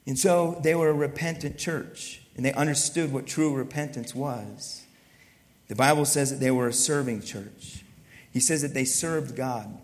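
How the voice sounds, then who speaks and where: A man's voice: medium pitch, unhurried, in a large hall. A male pastor preaching a sermon in a conversational way, often asking his listeners rhetorical questions.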